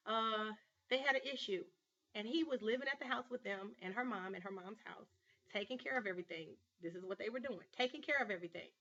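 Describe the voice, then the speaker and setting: A woman with a bright, forceful voice tells a personal story in an earnest vlog monologue, pushing her words hard when she gets stirred. The audio is slightly dull and lo-fi, like a home webcam. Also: medium pitch. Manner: earnest, storytelling, emphatic with rising bursts. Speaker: life coach and show host.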